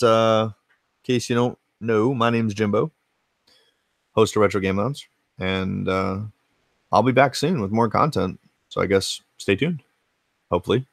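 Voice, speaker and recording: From his game room at home, a US man hosts a relaxed retro gaming stream, swearing often and meandering as he replies to chat. His voice runs on the low side, with no room sound.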